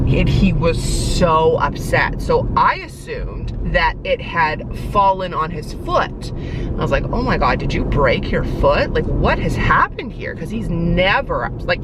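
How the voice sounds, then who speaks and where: A woman's voice: fairly low pitch, very noisy. A young woman vlogging in a casual, rambling way, telling a story and saying "like" a lot. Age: young adult. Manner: chatty, rambling storyteller who says "like" often. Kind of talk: casual vlog chat. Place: car and home.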